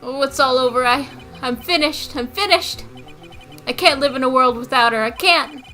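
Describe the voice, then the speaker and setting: A woman's voice: high voice, normal speed, sharp tone, soft background music, pitched above the performer's own voice. A woman voicing a frantic, heartbroken young man who wails melodramatically in a wobbly put-on accent. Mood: wailing.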